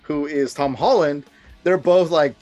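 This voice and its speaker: A man's voice: a little high, unhurried, a little mellow, faint music behind. Hesitant man in casual podcast chat. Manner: hesitant, full of fillers and restarts, laughs along. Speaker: podcast co-host.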